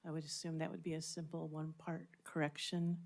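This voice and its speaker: Low-voiced woman on a committee. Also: flat delivery, a little fast, creaky, darkish tone. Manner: precise, enthusiastic. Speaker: committee member. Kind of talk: meeting discussion.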